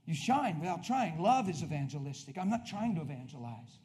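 A man preaching an energetic sermon, swinging from shouted bursts to quiet asides and acting out conversations. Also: on the high side, fairly quick.

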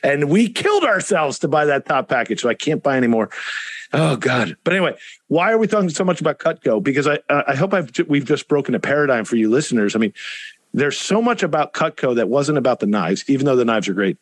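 Man, podcast host, enthusiastic, rambling, lively intonation, dry close sound. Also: medium pitch, fast, dry recording. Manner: enthusiastic, talks in long rambling runs. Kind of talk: casual podcast chat.

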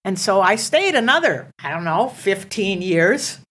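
A woman's voice: medium pitch, very animated, a little slow, a crowd in the background. A middle-aged woman giving an earnest testimony as a podcast guest, acting out her prayers with rising emotion. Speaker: ministry founder, guest.

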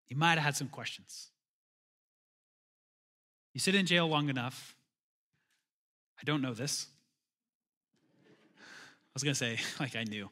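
A man's voice: mid-range voice, moderate pace, long pauses, sharp tone. A man preaching a conversational sermon as pastor, calling for amens and building to emphatic bursts.

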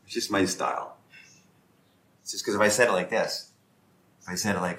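Man, very deep voice, animated, plays out both sides of the dialogue, casual round-table talk, roomy echo. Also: normal speed. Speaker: author leading a round-table discussion. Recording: echoey room.

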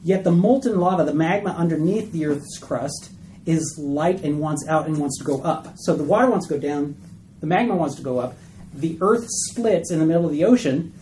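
A man's voice: on the high side, moderate pace, warm tone, slight background noise, low-quality recording. A man teaching a casual Bible study class. He keeps checking in with the group by asking "okay?" and "right?".

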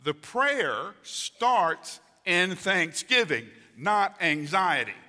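A man's voice: high voice, very animated, very slow, sharp tone. A man in his sixties preaching a conversational sermon as pastor, acting out voices for emphasis. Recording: reverberant hall.

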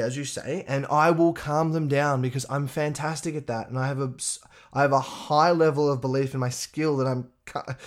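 A man giving a profane, animated motivational talk. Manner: profane, animated, acts out others in a higher voice. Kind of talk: casual motivational monologue.

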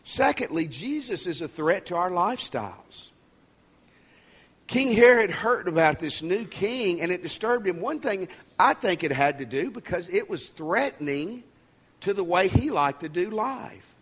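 A man's voice: high-pitched, fairly bright tone. Man preaching in a raised, conversational voice. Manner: conversational and emphatic, with folksy asides and jokes. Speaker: pastor. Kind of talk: sermon.

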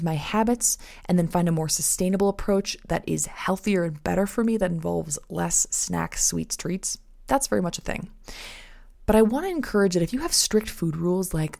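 A woman's voice: lowish voice, vocal fry, a little mellow. A woman in her thirties hosting a nutrition podcast, talking to listeners as friends and acting out little inner voices in asides. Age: 30s. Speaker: podcast host. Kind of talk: faith-based nutrition podcast talk.

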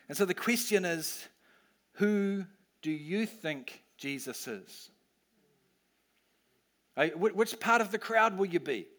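A male pastor preaching a sermon, animated and acting out cheering crowd voices. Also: high-pitched.

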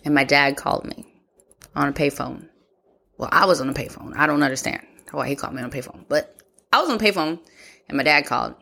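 A woman's voice: low-pitched, quick pace, vocal fry, pushed and bright. A woman telling a personal story in a reflective way, acting out remembered conversations. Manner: reflective, acts out remembered dialogue. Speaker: podcast host.

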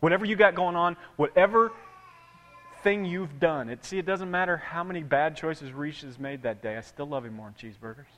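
A man preaching a sermon in a conversational way, swinging from loud repeated words down to hushed asides. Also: a little high, a little fast, faint music behind. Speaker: pastor. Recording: long hall reverb.

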